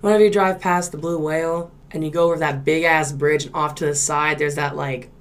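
A young woman, telling a story in casual podcast chat, laid-back and swearing, loud when she acts out quotes. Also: low-pitched, steady tone, brisk. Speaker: podcast co-host.

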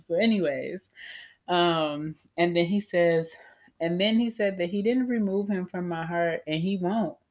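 A woman's voice: fairly low pitch, a little slow, a little mellow. Candid chatty woman telling her story. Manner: candid and chatty, with frequent laughter. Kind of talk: casual personal storytelling.

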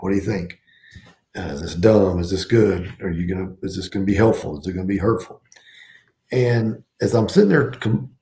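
A man's voice: on the low side, creaky, mellow. A middle-aged man, a school superintendent, speaking earnestly and emphatically in a podcast interview, often restarting his phrases.

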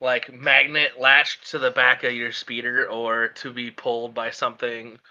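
A man's voice: medium pitch, little pitch movement, a little slow, pushed and bright. A man narrating as game master, in a loose, rambling way with frequent laughs. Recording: dull lo-fi sound.

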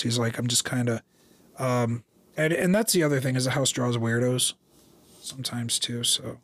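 Animated storytelling man, dry sound. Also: medium pitch, moderate pace, no room sound. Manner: animated, acts out quoted dialogue, many restarts. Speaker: guest telling stories about a historic house. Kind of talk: casual storytelling chat.

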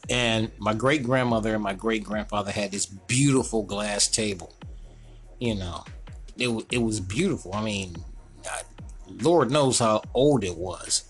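A man telling a childhood story in a casual, animated way, laughing often and talking in loose slang. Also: fairly low pitch, moderate pace, soft background music. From North Carolina, US. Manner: animated, laughing, slangy, repeats "you know what I'm saying".

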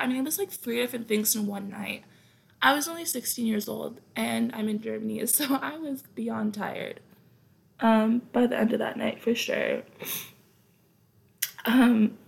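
Her voice pitched fairly high and creaky, a young U.S. podcast host tells stories casually, wandering off into asides and leaning on lots of fillers.

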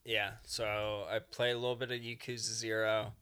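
Man, casual podcast chat, bright crisp voice, rambling storyteller. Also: on the low side, little pitch movement, moderate pace. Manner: rambling storyteller, acting out game characters in passing. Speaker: podcast co-host.

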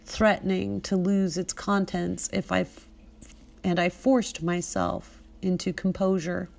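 A woman's voice: on the low side, creaky. Woman reading her memoir dramatically. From United States. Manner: intense storytelling, building to loud emphatic outbursts. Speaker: memoir narrator and podcast host.

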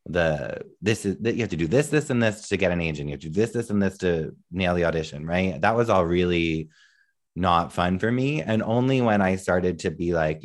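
A man's voice: sits low, animated, brisk. A man, a musician and actor, telling stories as a podcast guest in an earnest, self-deprecating way. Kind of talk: casual interview chat.

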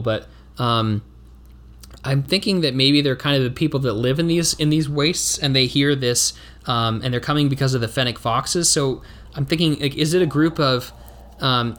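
A man's voice: mid-range voice, fairly bright tone. A man from the United States narrating and thinking aloud through a solo tabletop game, with many fillers and restarts.

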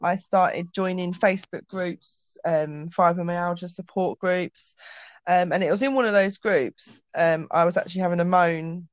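A woman's voice: lowish voice, steady tone, normal speed, dry recording. A woman, telling a personal story as an interview guest in a chatty way, acting out dialogue with frequent ums.

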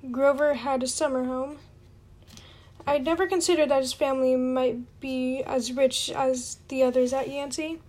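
A woman's voice: sits high, level tone, moderate pace, a little mellow. A woman reading a novel aloud at home in an unpolished, amateur style and apologizing for her slips. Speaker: reader.

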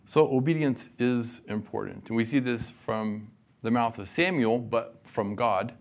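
A man's voice: medium pitch, a little slow. A man delivers a chapel sermon at a college. He keeps it casual and conversational, joking with his listeners between readings. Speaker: guest chapel speaker.

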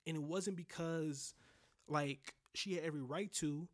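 A man's voice: a little high, a little slow. Blunt young man telling a raw story. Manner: raw, blunt, profane, with many restarts. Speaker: podcast host. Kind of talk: candid personal storytelling.

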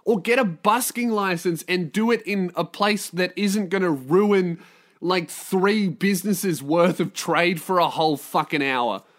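A man hosts a solo podcast, ranting with plenty of swearing and sarcasm. His voice sits a little high for a man, and he keeps the tone informal. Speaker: podcast host.

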